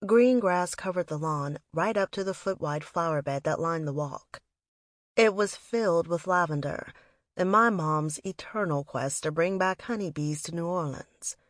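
Woman, audiobook narrator, lowish voice, reflective first-person storytelling, dry close sound. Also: fairly bright tone, no echo.

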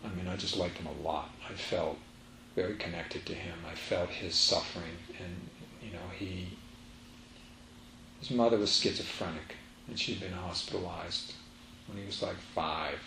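A man's voice: sits low, normal speed, creaky, sharp tone, slight background noise. A man giving a spiritual teaching talk to a live audience, emphatic and repeating his phrases as he tells a story. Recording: roomy echo, faint ambience.

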